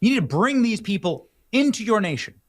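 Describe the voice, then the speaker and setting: Guy ranting on a livestream, sarcastic and theatrical, pitch swings all over, bit high, dead dry sound. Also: brisk. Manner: animated, sarcastic, theatrical emphasis. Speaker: political commentator. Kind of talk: live-stream political commentary.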